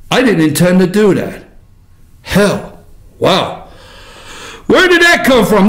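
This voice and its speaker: A man with a high voice rants through a political commentary monologue as the show's host. He is combative and fiery, jumping from shouted outbursts to low, grumbling asides. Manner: ranting, combative, swings between shouting and muttering.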